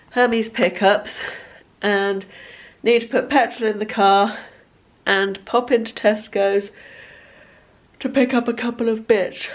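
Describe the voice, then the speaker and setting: Chatty woman in her fifties. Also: a little high. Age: 50s. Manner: chatty, rambling, self-deprecating. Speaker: lifestyle vlogger. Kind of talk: casual vlog chat to camera. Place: at home. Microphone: handheld camera.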